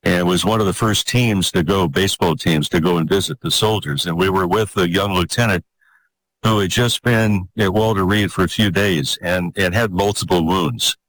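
An older man telling a personal story in an interview, earnest and halting, repeating words as he gathers his thoughts. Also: low-pitched, a bit bright, low-quality recording.

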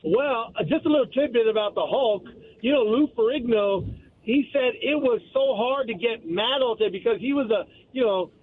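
A man's voice: very high voice, normal speed, slight background noise. A man calling in to a radio show, friendly and laughing along. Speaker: caller. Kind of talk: casual call-in chat. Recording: tinny phone line.

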